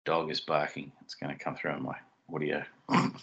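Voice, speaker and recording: A man's voice: rumbling low, little pitch movement, moderate pace, gravelly, a bit bright, highs cut off. A man co-hosting a podcast, chatting casually and rambling a little. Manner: rambling, giggly, self-deprecating. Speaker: podcast co-host. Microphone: desk mic on a stand.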